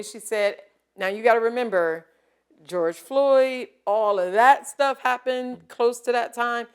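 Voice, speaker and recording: A woman chef hosting a casual interview, telling stories in an animated way and laughing often. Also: fairly high pitch, a little slow, smooth. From American South.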